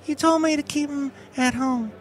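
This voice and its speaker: A man voicing a flirty, cranky rodeo queen woman with a high, twangy drawl. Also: fairly even intonation, normal speed.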